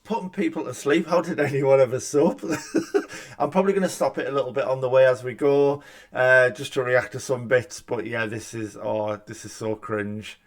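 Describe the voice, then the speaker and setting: A man's voice: mid-range voice, fairly even intonation, moderate pace. A man, a gaming YouTuber talking in a casual, chatty, self-deprecating way at a desk mic in a room at home. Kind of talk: casual reaction vlog. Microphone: desk microphone.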